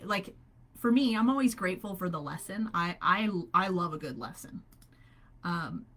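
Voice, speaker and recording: A middle-aged woman leading a live faith-based coaching call, animated and upbeat, laughing often as she speaks. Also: medium pitch. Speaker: holistic health coach.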